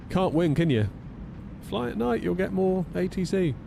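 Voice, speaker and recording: A man's voice: high-pitched, animated, takes it slowly, gravelly, noisy background. A man chatting casually on a flight sim live stream, wry and a little tired, reading out chat messages as he goes. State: yawning, tired.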